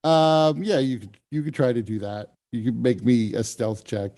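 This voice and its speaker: A man's voice: medium pitch, steady tone, normal speed, mellow. A man narrating as game master in a casual, descriptive way, with frequent fillers.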